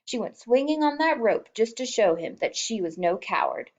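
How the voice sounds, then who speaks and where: A woman's voice: on the high side, big pitch swings, moderate pace, highs cut off. A woman reading a novel aloud as an audiobook, emotive and lightly voicing the characters. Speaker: audiobook reader.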